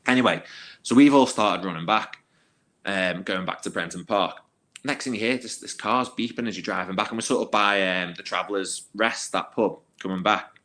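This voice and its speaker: A man with a very low voice and a bright, forceful edge tells stories from his playing days as a podcast guest. He talks casually and with energy, full of "um" and "like", and slips into other people's voices as he goes. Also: moderate pace. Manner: animated, acts out quoted voices, filler-heavy. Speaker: podcast guest, former youth footballer. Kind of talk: casual anecdotal storytelling.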